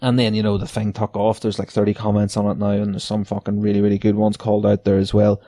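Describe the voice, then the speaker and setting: A man riffs alone on his podcast in a loose, sardonic rant, cursing freely and chuckling at his own jabs. His voice sits on the low side with a warm, mellow tone, and the recording is close and dry. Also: monotone, quick pace, no room sound. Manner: sweary, sardonic, laughs between lines. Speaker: podcast host. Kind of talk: casual solo rant.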